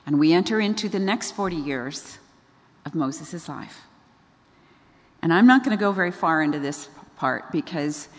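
A woman preaching a sermon in a conversational way, often asking her listeners questions. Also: fairly low pitch. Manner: conversational, asks the audience questions. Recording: long reverb of a large hall.

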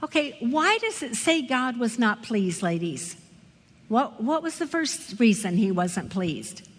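A woman teaching a women's Bible study, expressive and asking her listeners questions. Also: fairly high pitch, measured pace. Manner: expressive, asks the audience questions. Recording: echoey hall with long reverb.

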